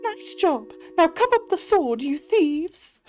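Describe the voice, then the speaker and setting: A woman's voice: big pitch swings, unhurried, a little mellow, exaggerated voice. A woman voicing a dramatic, fussy female mouse who begs heroes for help, in a theatrical, pleading manner. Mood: bossy. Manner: theatrical, pleading, high-pitched.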